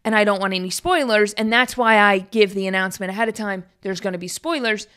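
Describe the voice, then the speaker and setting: A woman's voice: mid-range voice, fairly even intonation, fast talker, fairly bright tone, clean tone. A young woman hosting her own podcast, talking casually in an upbeat, rambling way with lots of fillers. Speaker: podcast host. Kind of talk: casual solo podcast chat.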